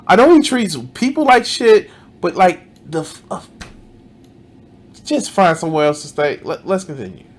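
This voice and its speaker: A man reacting to a video, cursing in exasperation, trailing off mid-sentence and pausing the clip to comment. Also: high voice, big pitch swings.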